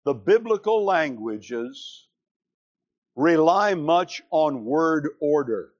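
Slow deliberate guy preaching a sermon, a bit high voice, dull lo-fi sound. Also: very animated. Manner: slow, deliberate, emphatic reading of scripture. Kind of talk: expository sermon.

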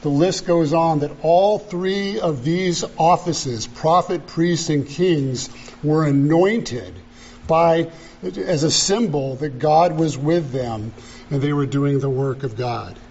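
A male pastor delivers a sermon at an unhurried, deliberate pace, driving home each point with emphatic repetition. His voice sits a bit higher than most men's. The recording is dull and lo-fi. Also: darkish tone, breathy edge.

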